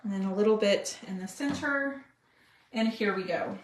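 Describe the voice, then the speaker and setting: This is a casual live craft demo, with a woman chatting to viewers as she works. Her mid-range voice moves at normal speed, she's chatty and calls everyone "y'all," and the sound is reverberant.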